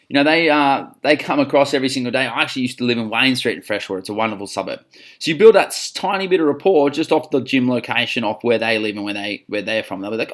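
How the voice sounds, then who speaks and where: A man's voice: medium pitch, fast talker, fairly bright tone. An Australian man coaching gym staff on phone sales, upbeat, acting out both sides of the calls. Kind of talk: instructional talk on phone sales.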